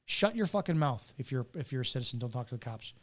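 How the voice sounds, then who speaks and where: A man's voice: medium pitch, lively intonation, fast. A middle-aged man, a retired police officer, delivering a bitter, profane, preachy rant with hard stressed words. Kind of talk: ranting monologue to camera.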